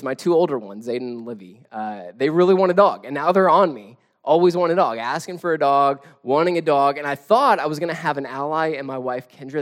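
Casual storytelling male pastor. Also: on the high side. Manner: casual storytelling, self-deprecating humor. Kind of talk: conversational sermon.

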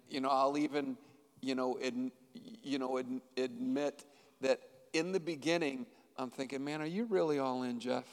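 Male pastor-host, slow pace, hesitant questions, hall echo. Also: medium pitch. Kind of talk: interviewing a couple.

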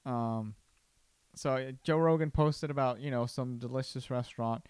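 On his podcast, a young man casually meanders through a personal story, full of restarts, asides and laughs. His voice is smooth, resonant and mid-pitched with a darkish tone, moving at a moderate pace. The recording is close and dry, with no sense of a room.

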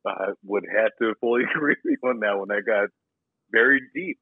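A man playing a gruff, laughing quiz contestant with a put-on foreign accent in a comedy sketch. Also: fairly low pitch, animated, fairly quick, no echo. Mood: giggly. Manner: gruff, laughing, swearing banter. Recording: dry tinny phone-like sound.

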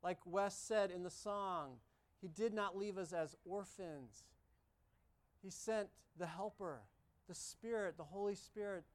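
A pastor with a medium-pitched voice delivers an emphatic sermon in a church service, repeating himself for emphasis and asking the congregation question after question.

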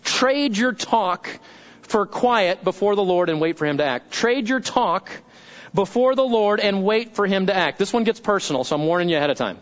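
A man's voice: sits high, lively intonation, quick pace, few pauses. A male pastor giving a sermon in a conversational style, often tagging his points with "right?" and restarting phrases as he goes. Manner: repeats phrases and restarts mid-sentence. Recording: dull lo-fi sermon recording.

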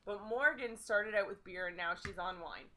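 A woman's voice: mid-range voice, moderate pace, sharp tone, a little hiss or hum. A tipsy woman co-hosting a podcast, chatting casually in a loose, jokey way. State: tipsy from drinking. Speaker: podcast co-host. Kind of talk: casual chat.

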